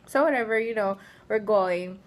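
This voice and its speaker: This is a vlogger with a medium-pitched voice at ordinary speed, casually recounting humorous personal stories on camera. She comes across as an animated, chatty, giggly storyteller.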